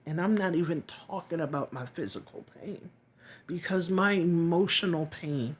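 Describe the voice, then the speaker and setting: An earnest woman speaks slowly, sharing a personal testimony in a fairly low voice. She pauses often and sometimes sinks into a near whisper. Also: lively intonation, a little hiss or hum. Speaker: chronic illness vlogger. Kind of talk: personal testimony, reflective and emotional.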